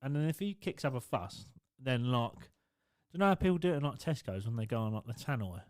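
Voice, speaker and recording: A man's voice: mid-range voice, expressive, quick pace, darkish tone, dry recording. A young man, co-hosting a podcast and chipping in with crude jokes. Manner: crude jokey interjections. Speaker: podcast co-host. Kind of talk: casual chat.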